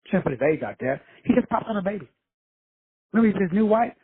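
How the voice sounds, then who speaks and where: Host type: high, very raspy male voice, blunt and profane motivational talk, dry tinny phone-line sound. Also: lively intonation, fast, no room sound. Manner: blunt, profane, streetwise preaching. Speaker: motivational speaker, show host. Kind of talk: casual motivational monologue.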